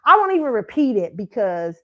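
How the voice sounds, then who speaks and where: The recording is muffled, but this woman's fairly high, slightly bright voice comes through very animated and a little fast. Hosting her own pop-culture commentary stream on a streaming setup mic, she's blunt and foul-mouthed, laughing frequently and tossing out "okay?" again and again.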